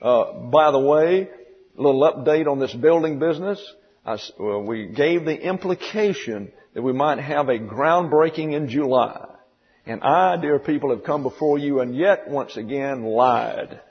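A husky-voiced man preaching an expository sermon, folksy and wry, wandering into asides. He sounds a bit distant and muffled, with the long echo of a large hall. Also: mid-range voice, normal speed. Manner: folksy, digressive, dryly humorous. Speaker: pastor.

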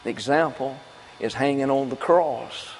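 A man's voice: mid-range voice, a little slow, slight background noise. A man preaching a sermon in a folksy, conversational way, asking and answering his own questions. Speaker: pastor. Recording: long reverb of a church hall.

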